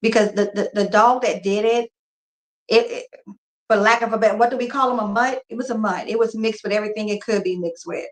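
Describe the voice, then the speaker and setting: Speaking in a subdued voice from an echoey room, this couponing vlogger in her forties shares her grief candidly and emotionally in a casual live chat with viewers. Her voice is a little high and steady, and she talks a little fast.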